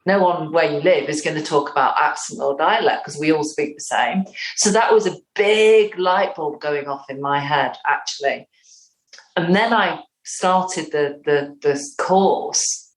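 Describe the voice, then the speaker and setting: A woman in her fifties with a Northern English accent, a playwright and actor giving a lively interview and acting out lines of dialogue as she talks. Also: low-pitched, unhurried, reverberant, poor audio. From North West England. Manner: animated, acts out quotes.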